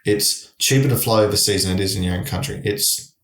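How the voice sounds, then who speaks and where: A man's voice: fairly low pitch, brisk, distant mic. A middle-aged man, telling a long story in casual chat, with many restarts. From Australia. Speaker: guest. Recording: echoey room.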